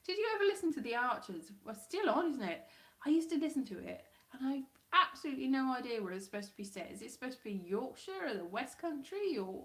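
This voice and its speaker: A woman chats her way through a loose livestream from home, rambling from one thought to the next. Her voice sits a little high, and she pokes fun at herself as she goes. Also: very animated, fast talker. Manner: rambling, chatty, self-deprecating, laughs at herself. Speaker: livestream host. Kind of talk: casual rambling livestream chat.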